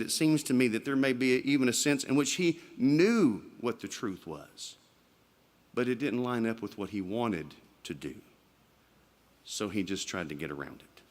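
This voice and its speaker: A man's voice: mid-range voice, fairly bright tone. Conversational man preaching a sermon. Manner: conversational, with rhetorical questions to the congregation. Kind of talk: evening sermon. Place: church sanctuary.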